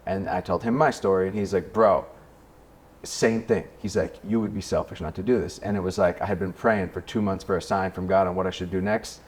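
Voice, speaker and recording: A man's voice: sits low, fairly even intonation, a little hiss or hum. A young man telling his story in casual chat, swearing freely and acting out what others said. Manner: fast, profane storytelling, acts out quotes. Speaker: coach and podcast guest.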